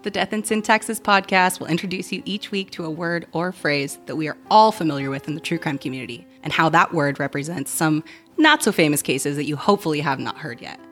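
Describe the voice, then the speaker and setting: Low-voiced woman hosting a podcast. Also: fairly quick, fairly bright tone, soft background music. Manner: playful, self-deprecating. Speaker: podcast co-host. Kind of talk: scripted podcast introduction.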